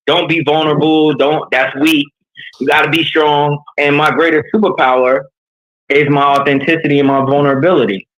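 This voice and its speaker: A man's voice: on the high side, normal speed, highs cut off. A man from New York, a leadership coach, talking candidly and earnestly in an interview, telling personal stories with energy. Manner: earnest, animated storytelling.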